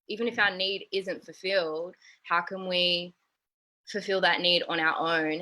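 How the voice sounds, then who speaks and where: A woman talks earnestly in a relaxed chat, her voice sitting a little low with a bright, forceful edge. She speaks openly about feelings. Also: poor audio. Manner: earnest, talks about self-growth with laughs and swearing. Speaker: host. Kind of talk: casual chat.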